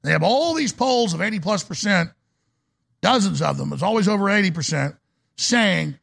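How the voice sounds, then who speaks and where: Gravelly, fired-up talk show host. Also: male voice, sits high, lively intonation, a bit bright. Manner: fiery, ranting, rapid-fire. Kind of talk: live call-in talk show rant.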